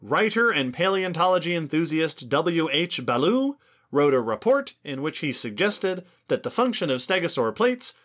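Man, podcast co-host, bright voice, enthusiastic explainer. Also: fairly high pitch, big pitch swings, normal speed. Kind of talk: educational casual chat.

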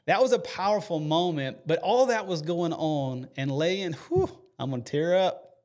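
An American man hosts a faith podcast, telling a story with earnest emotion and many fillers and restarts. His voice is a little high and slightly mellow, at a moderate pace.

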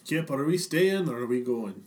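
Deep-voiced woman player hamming an accent. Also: expressive, normal speed, a little mellow. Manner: joking, puts on a weak Irish accent. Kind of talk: casual in-character play.

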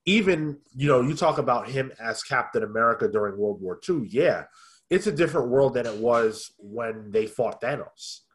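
A man's voice: medium pitch, lively intonation, moderate pace. Man musing over a show. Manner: thoughtful, with frequent ums and restarts. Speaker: podcast co-host. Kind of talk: casual review chat.

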